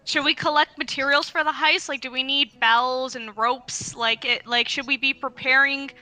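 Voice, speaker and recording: A woman's voice: high-pitched, fairly even intonation, normal speed, bright, forceful tone, faint music behind. A woman playing in a tabletop game, eager and chatty, filling her sentences with "like". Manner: eager, full of "like". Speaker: tabletop player. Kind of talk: casual game chat.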